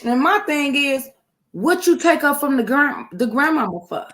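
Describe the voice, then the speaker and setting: A woman's voice: high voice, lively intonation, normal speed, fairly bright tone, a little hiss or hum. Woman talking in an echoey room. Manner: reflective, rambling reasoning. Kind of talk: casual chat.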